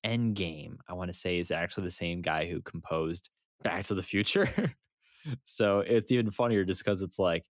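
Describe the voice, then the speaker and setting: A man co-hosting a casual podcast, animated and laughing often as he retells funny movie moments. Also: low voice, normal speed, dry recording, clean studio sound. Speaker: podcast co-host. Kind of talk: casual chat.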